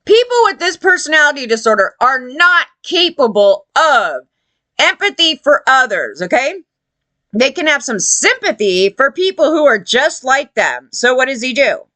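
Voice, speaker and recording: A woman commentator delivering a heated, profane opinion rant, scornful in tone and quick to mock others in put-on voices. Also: sits high, big pitch swings, bright, forceful tone, no room sound. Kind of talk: ranting opinion video.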